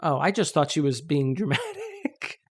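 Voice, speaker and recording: A woman's voice: sits low, wildly swooping pitch, normal speed, husky. A woman co-hosting a podcast, chatting casually about a movie and joking and laughing often. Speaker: podcast co-host. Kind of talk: casual movie-review chat.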